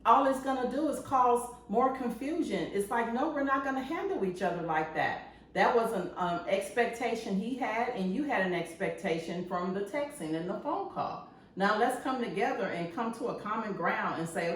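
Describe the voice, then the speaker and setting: A woman's voice: medium pitch, lively intonation, moderate pace. A woman co-hosting a casual ministry talk show, chatty, laughing often and chiming in over her partner. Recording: echoey room, voice from far off, faint noise.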